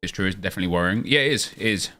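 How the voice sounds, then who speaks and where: A man's voice: deep voice, very fast, pushed and bright. A young man chatting casually on a live stream, answering viewer questions as he plays a football game.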